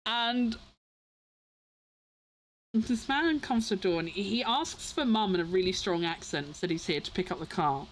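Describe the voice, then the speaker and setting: Giggly, lively-pitched young woman streamer. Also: moderate pace, pauses often, slight background noise, rough recording. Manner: giggly, animated storytelling. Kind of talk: casual chat.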